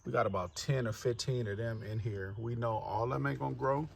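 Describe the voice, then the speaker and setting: A man casually walking viewers through his home garden, chatty and relaxed, calling them y'all. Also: medium pitch, fairly quick, a little hiss or hum. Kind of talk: casual walk-through narration. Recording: music playing clearly behind the voice.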